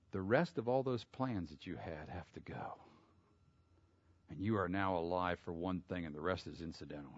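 A man preaching a sermon. He reads scripture aloud, explains it, and builds to loud, emphatic peaks. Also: deep voice, no echo. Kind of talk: sermon, expository Bible teaching. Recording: dull lo-fi sound.

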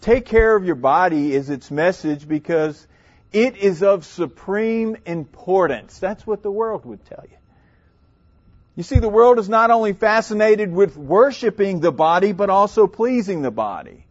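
Preacher, male, slow emphatic delivery with long pauses, dull lo-fi sound. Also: high-pitched, animated. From South Louisiana. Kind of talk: sermon.

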